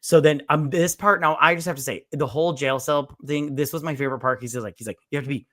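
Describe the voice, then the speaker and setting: A man's voice: fairly high pitch, fairly even intonation, quick pace, a bit bright, no room sound, clean studio sound. A man hosting a casual movie review chat, retelling scenes in a rambling way with profane asides. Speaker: podcast host.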